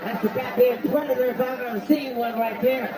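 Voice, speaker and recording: A man doing a stand-up roast, brash and profane, shouting his punchlines. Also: extremely high pitch, steady tone, brisk, very noisy. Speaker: comedian at a roast. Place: stage before a live audience. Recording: roomy venue with crowd laughter.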